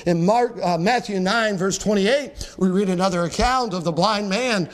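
A male pastor preaching a sermon, earnest and emphatic, slowing down on key words and quoting scripture. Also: high-pitched.

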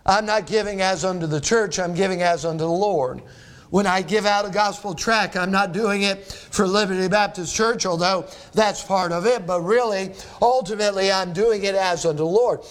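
High-voiced man preaching a sermon. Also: moderate pace. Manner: preaching with rhetorical questions and scripture reading. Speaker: pastor.

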